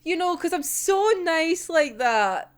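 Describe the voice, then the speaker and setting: A woman's voice: very high voice, expressive, takes it slowly. A young woman in a casual, profane reaction rant, exasperated and breaking into laughter. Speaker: manga reviewer.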